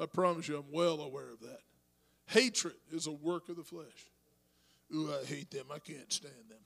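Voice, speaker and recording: High-voiced preaching pastor. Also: male voice, gravelly. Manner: rising to shouted preaching; talks to congregation with asides. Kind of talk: sermon.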